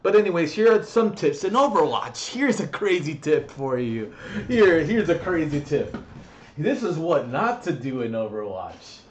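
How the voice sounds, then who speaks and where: A man's voice: fairly high pitch, sing-song, normal speed, a little hiss or hum. A young man ranting brashly in a comedic gaming vlog from his bedroom, crude and mocking, swearing constantly. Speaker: gaming vlogger.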